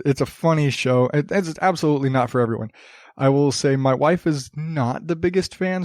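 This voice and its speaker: A man's voice: mid-range voice, a little mellow, dry recording, clean studio sound. A man hosting a solo podcast, rambling casually with many fillers, restarts and swearing. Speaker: podcast host.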